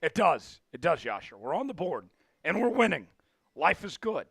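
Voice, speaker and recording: A man hosting a live sports stream, calling plays and shouting when his team scores. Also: fairly high pitch, normal speed, vocal fry, noisy background. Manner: excitable, shouts big plays. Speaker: livestream sports host. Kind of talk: live play-by-play watch-along.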